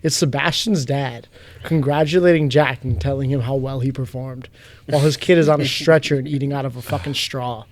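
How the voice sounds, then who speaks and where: A man's voice: medium pitch, fairly even intonation, fairly quick. A man with a mid-range voice chats on a podcast about a fight night. He tells it loosely and swears along the way. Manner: profane, storytelling. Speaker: podcast co-host. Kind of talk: casual podcast chat.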